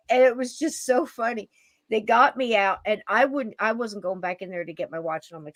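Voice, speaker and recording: A woman hosting a podcast, telling a story in a lively way and laughing as she goes. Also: a little high, brisk, no room sound. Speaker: podcast host. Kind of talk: animated storytelling.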